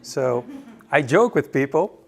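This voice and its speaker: A man's voice: on the high side, moderate pace. Joking man presenting. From Brazil. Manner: joking, chatty and relaxed. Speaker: conference presenter. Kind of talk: conference presentation. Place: conference room.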